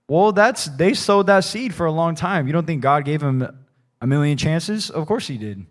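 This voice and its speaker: Preaching in a church, this man talks loosely and casually in a slightly high, expressive voice at moderate pace. The sermon is conversational and rambling, full of "like" and "right?", in the manner of a laid-back pastor.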